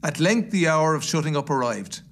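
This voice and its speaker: A man's voice: on the high side, expressive. Man reading a classic aloud. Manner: warm, measured storytelling. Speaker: guest reader. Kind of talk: storybook read-aloud.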